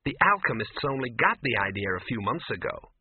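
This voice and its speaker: Man doing a confused scared young woman, unsure, husky, tinny audio. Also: medium pitch, big pitch swings, a little fast, dry recording. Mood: uncertain. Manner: uncertain, trying to stay reasonable. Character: bewildered, frightened young woman.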